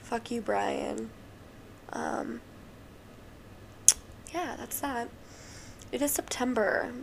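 A woman's voice: on the high side, extremely slow, creaky, a little hiss or hum. A young woman hosting a podcast, talking casually and emotionally with lots of fillers, sounding tired. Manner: chatty and emotional, many fillers. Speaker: podcast host.

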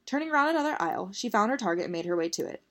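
A woman's voice: mid-range voice, lively intonation, very fast. A woman reading a story aloud in a casual, unpolished way. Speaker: narrator.

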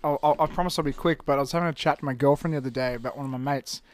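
A young adult man, a podcast guest telling stories in an animated way, swearing often. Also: a little high. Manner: animated, swears a lot, quick bursts. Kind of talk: casual storytelling.

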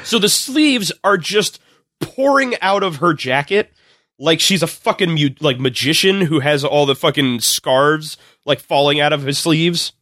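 A man on a comedy podcast, retelling a movie with lots of laughs and quick acted-out voices. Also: a little high, dry recording, studio quality. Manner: animated storytelling, acts out characters in quick voices, laughs often. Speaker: podcast guest recapping a movie. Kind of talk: casual comedic podcast chat.

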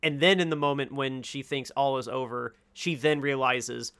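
A man chatting about a movie he loved, enthusiastic and quick to laugh. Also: medium pitch, fairly even intonation, fairly bright tone, clean tone. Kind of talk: casual movie review chat.

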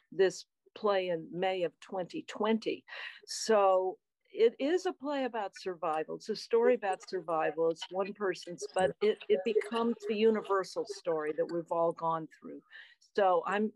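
A woman's voice: mid-range voice, normal speed, darkish tone, no echo, poor audio. A woman from the theater speaks earnestly in a mid-range voice, reflecting on the show with sincere conviction. The recording is dry, with almost no room sound. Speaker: theater artist. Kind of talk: casual interview chat.

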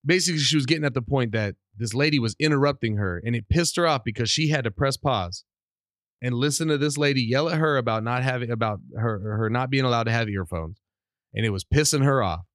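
A middle-aged man hosting a casual solo podcast, rambling and animated while under the weather with a cough. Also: medium pitch, quick pace, no echo, clean studio sound. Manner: rambling, animated, self-deprecating. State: sick with a cough. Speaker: podcast host.

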